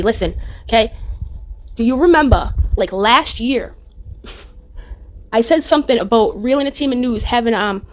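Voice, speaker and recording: A woman hosting a casual livestream commentary, talking bluntly and animatedly, swearing and laughing often. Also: a little high. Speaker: YouTube commentary host.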